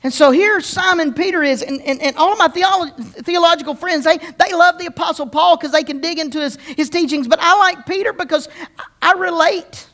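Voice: very high voice, brisk, fairly bright tone. A pastor preaching a conversational sermon, often repeating words and restarting, and asking the congregation questions.

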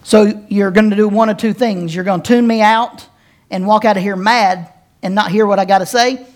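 A woman pastor preaching a sermon, folksy and playful, with slow, emphatic pauses and direct calls to her congregation. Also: mid-range voice, steady tone. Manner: folksy and playful, with casual slang.

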